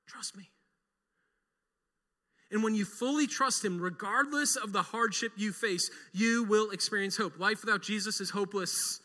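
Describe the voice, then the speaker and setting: Middle-aged man, pastor; emphatic sermon, high and very bright voice. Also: moderate pace, few pauses, long reverb tail. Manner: emphatic, leads call-and-response with the congregation.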